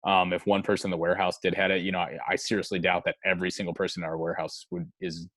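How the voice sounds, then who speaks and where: Deep-voiced, halting young male guest. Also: little pitch movement, fairly bright tone, no echo. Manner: halting, hedging, swears casually. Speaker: guest, musician. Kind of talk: casual chat.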